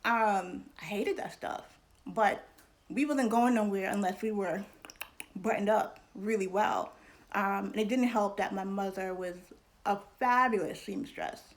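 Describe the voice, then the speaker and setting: A woman's voice: mid-range voice, unhurried. A woman hosting an educational vlog. She talks in a candid, casual way, laughs often and uses slang. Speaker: vlog host and scholar.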